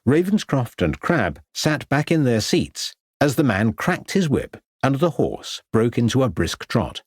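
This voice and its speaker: A man narrating a detective novel in a measured storytelling manner. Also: mid-range voice, sing-song, husky, dry recording, studio quality. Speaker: audiobook narrator. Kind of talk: scripted narration.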